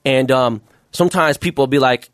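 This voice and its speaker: Fast-talking, profane man in casual chat. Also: mid-range voice, no room sound, clean studio sound. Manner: rapid, profane street talk full of fillers. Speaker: jeweler, podcast guest.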